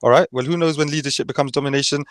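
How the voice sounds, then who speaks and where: A man's voice: a little high, fairly even intonation, very fast, dry recording. A man in a heated casual debate, arguing his point insistently and checking for agreement with "yeah?". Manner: insistent, argumentative, keeps tagging points with "yeah?". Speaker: debater on a podcast.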